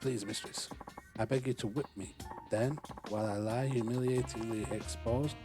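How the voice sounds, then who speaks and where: A man's voice: medium pitch, steady tone, normal speed, over music, lightly acted. A man reading a fawning middle-aged client who begs and oinks, in a somewhat raised voice. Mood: begging. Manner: pleading, squeals and oinks.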